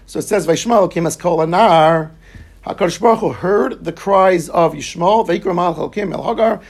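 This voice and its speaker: Talmud teacher, man, raised pitch, some fry, steady explaining. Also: brisk. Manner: explains Aramaic text line by line in English, yeshivish terms. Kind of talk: Talmud class lecture.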